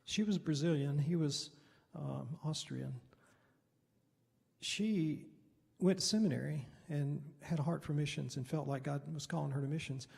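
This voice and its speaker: A middle-aged Baptist pastor tells a mission story at a Bible study in a church hall, loose, rambling and conversational. His voice is a little high and a little mellow, with vocal fry at normal speed, in a reverberant hall.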